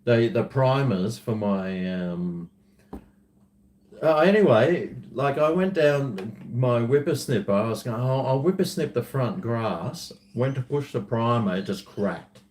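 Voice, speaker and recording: An Australian man talks to his camera in an easy, unhurried drawl, taking his time over every thought. He rambles from one aside to the next and pokes fun at himself along the way. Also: medium pitch, a little mellow. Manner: rambling, self-mocking, drifts between asides. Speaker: vlogger. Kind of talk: casual chat to camera.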